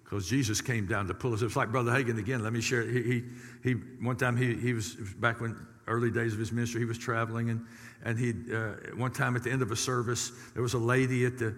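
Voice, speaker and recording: A middle-aged pastor with a drawl preaches in a bright, forceful voice, swinging from easy folksy asides to sudden loud rises. His sermon rings out with a long reverb through a church hall. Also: medium pitch, flat delivery, brisk.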